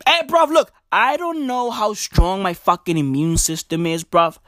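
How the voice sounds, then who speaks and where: A man doing a profane stand-up comedy rant, animated and drawn-out, jumping up into high squeaky voices. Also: no room sound, studio quality. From South Africa.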